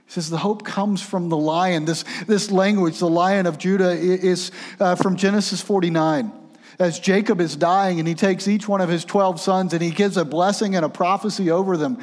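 A man preaching a sermon, swinging between urgent raised passages and hushed, quiet ones. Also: high voice, steady tone, moderate pace, in a large hall.

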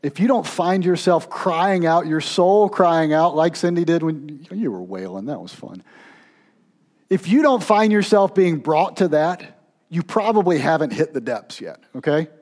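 A pastor in the middle of his sermon, his voice sitting a little higher than most men's. He swings between raised, pleading intensity and quiet, low-voiced stretches that draw the listener in. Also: expressive, a little slow.

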